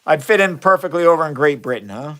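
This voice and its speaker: A man's voice: a little high, expressive, fast, fairly bright tone. A man with a Midwestern accent, hosting a casual science live stream from his chemistry lab. He rambles in a friendly way and answers viewers' chat comments, speaking into a phone camera. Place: home chemistry lab, indoors. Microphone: phone camera, flipped around during the stream.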